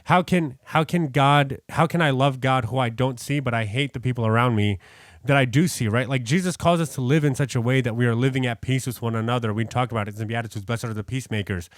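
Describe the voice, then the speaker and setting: A man's voice: medium pitch, fast, no echo, clean studio sound. A man from New York co-hosting a podcast, talking through a Bible passage in an earnest, rambling way with many restarts. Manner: rambling, self-correcting, earnest. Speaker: podcast co-host. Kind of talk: casual Bible study chat.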